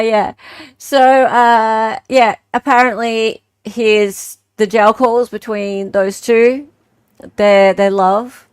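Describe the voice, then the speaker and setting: A woman's voice: mid-range voice, no echo. An Australian woman hosting a live stream, chatting casually in a playful, joking, self-mocking way.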